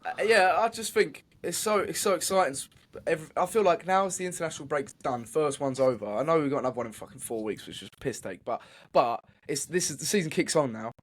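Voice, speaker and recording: Excitable man, a bit higher voice. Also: quick pace. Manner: excitable, swears casually, laughs often. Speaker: podcast co-host. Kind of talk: casual football chat.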